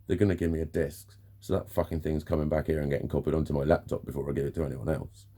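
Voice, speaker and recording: A man's voice: very deep voice, little pitch movement, racing, warm tone. A man in a candid vlog monologue, frank and ranting, swearing often as he vents. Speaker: vlogger.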